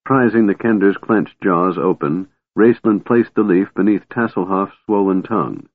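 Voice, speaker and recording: A man reading a fantasy novel aloud as a narrator, in measured, even storytelling. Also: low-pitched. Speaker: audiobook narrator. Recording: tinny phone-like band, dry.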